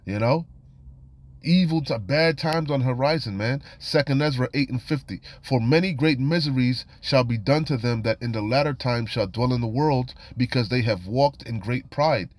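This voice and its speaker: A man's voice: medium pitch, normal speed. A man teaching from scripture in a casual, admonishing way, often repeating "you know" and "man". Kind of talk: informal scripture study and warning.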